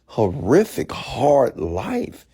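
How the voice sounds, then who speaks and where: A man's voice: mid-range voice, huge pitch swings, very slow, warm tone, husky. A man hosting a late-night live stream, ranting bluntly and profanely at viewers, then answering their questions. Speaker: entrepreneur mentor host.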